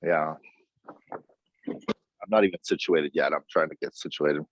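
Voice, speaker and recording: A man chatting on a video call from outside by a house, halting with many fillers and pauses. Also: rumbling low, fairly even intonation, no room sound. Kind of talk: casual chat. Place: outdoors by a house in the sun. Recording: dull lo-fi video call audio.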